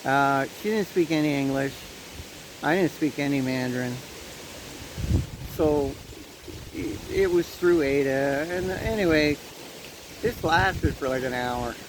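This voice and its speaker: A man's voice: on the high side, slow, pauses often. A man from Canada telling a personal story in a casual, chatty vlog, laughing at his own tale, recorded outdoors in the wind. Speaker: vlogger. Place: outdoors on a windy day. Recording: light wind noise outdoors.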